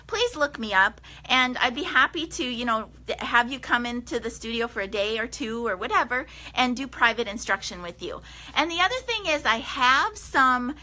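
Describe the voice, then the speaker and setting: A middle-aged woman chats on a live stream from her quilting studio, upbeat and enthusiastic. Her voice sits a little high and rings bright and forceful. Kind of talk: casual live stream chat.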